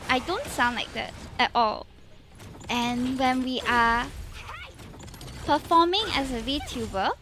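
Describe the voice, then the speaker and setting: A Singaporean woman with a Singaporean English accent chats playfully as a VTuber on a casual livestream, tossing in Singlish particles and laughing often. Her voice is high, with background noise.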